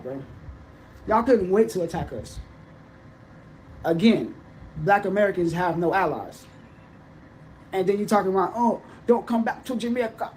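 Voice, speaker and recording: An angry speaker rants in a played clip, hurling insults and curses. The voice sits at a middle pitch. A faint noise runs behind it. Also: darkish tone. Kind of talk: casual rant.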